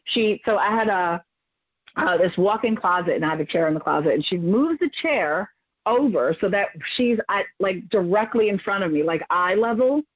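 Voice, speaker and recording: On a dull, lo-fi recording with no room sound, a forties-aged woman guesting on a podcast recounts something from her own life at a normal speed. Her telling is lively and expressive, and her voice jumps higher as she performs the quoted lines.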